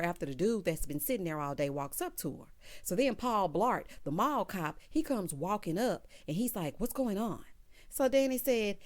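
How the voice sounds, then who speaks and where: A chatty woman recaps a TV episode. Her pitch swings widely as she acts out each character's lines, and she drops sassy asides to her viewers between scenes. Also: moderate pace. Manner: chatty, quotes characters in lively retellings; sassy asides, calls viewers girl and honey. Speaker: TV recap host. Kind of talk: casual episode recap chat.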